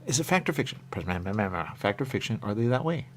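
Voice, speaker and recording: A man's voice: on the low side, very animated, normal speed, slight background noise. A man rambling and joking in loose banter as a radio show host, repeating catchphrases. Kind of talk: loose banter among co-hosts.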